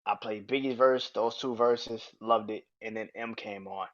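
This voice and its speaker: A young man hosting a podcast in a casual, excitable monologue, swearing freely and filling his talk with "like". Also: on the low side, moderate pace, highs cut off. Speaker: podcast host. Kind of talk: casual monologue about music.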